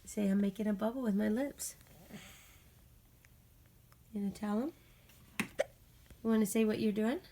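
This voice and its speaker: A woman's voice: medium pitch, moderate pace, long pauses, warm tone, slight background noise. A young mother at home, playfully coaxing and questioning her toddler at bedtime in a casual home video.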